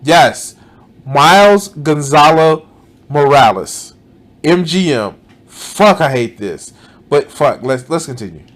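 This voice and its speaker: A man reacting to a video, his voice sitting slightly high and swinging widely in pitch. He speaks slowly, breaking off with exasperated curses and half-finished thoughts. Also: animated, a bit bright. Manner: exasperated, swearing, trailing off. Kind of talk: reaction commentary.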